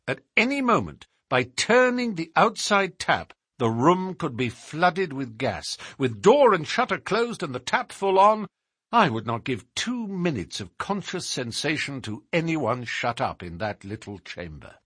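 A man reading a story aloud in the first person, speaking as a shrewd male detective who recounts a case in a measured, precise way. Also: a little high, husky, no room sound, clean studio sound, full character voice. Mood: explaining. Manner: measured, precise, lively emphasis. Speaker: audiobook reader.

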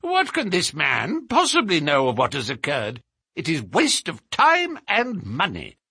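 A man's voice: a little high, wildly swooping pitch, unhurried, creaky, sharp tone, breathy edge, no room sound, clean studio sound, voice pushed up, heavily acted. A man voicing a sullen, miserly older man who speaks in a querulous, grudging way.

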